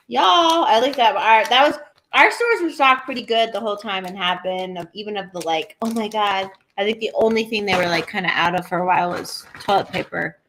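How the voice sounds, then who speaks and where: A young woman co-hosting a podcast, telling stories in casual, animated chat full of swearing. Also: medium pitch, slight background noise. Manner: animated, profane, storytelling. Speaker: podcast co-host.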